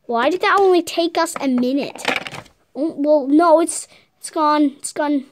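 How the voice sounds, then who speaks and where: A woman's voice: high-pitched, measured pace, slight background noise. A girl hosting a casual video, narrating toy play in a chatty, giggly, rambling way. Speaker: video host.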